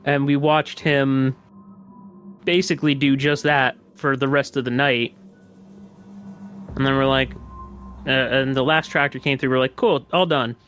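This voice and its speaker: A man's voice: medium pitch, level tone, unhurried, pauses often, fairly bright tone, faint music behind. A man guesting on a podcast, telling a story in a casual, rambling way with lots of fillers, restarts and swearing.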